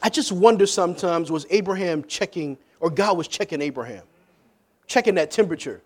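Man, pastor, high voice, sermon, loud jokes and hushed questions. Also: animated, fairly quick.

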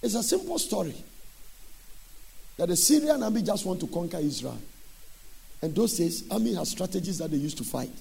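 A man preaching a sermon in an emphatic, sing-song way with sudden loud bursts. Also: sits high, very animated, moderate pace, creaky, long pauses, breathy edge.

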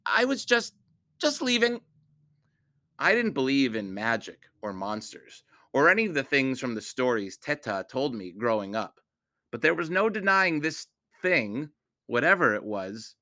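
A man reading a children's novel aloud as a measured storyteller. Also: mid-range voice, bright, forceful tone, no room sound, studio quality. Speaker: audiobook reader.

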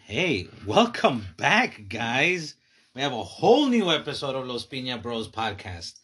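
A man's voice: medium pitch, sing-song, unhurried, a bit bright, husky. A young man hosting a podcast in casual, rambling banter with friends, laughing often. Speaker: podcast host. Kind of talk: casual chat.

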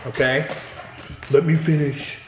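A man's voice: a little high, fairly even intonation, slow. A man doing a joking impression of a boastful presidential candidate during a party game, brash and self-satisfied. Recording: echoey reverberant room, faint noise.

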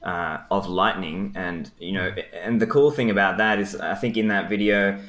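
A man with a fairly low voice hosts a podcast interview. He sounds relaxed and friendly and puts his questions casually, with the occasional filler. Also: normal speed. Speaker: podcast host.

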